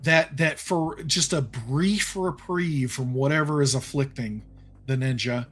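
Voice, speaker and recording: A man's voice: mid-range voice, measured pace, a bit bright. A man with a Southern US accent narrating as game master, often hesitant, with many ums and restarts.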